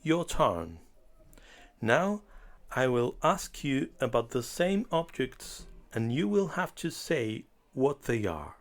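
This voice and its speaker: A man delivers a beginner language lesson at an unhurried pace, his voice sitting in a middle register. He speaks in a deliberate, carefully enunciated scripted manner, pausing between short phrases. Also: medium pitch, sing-song. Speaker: language teacher.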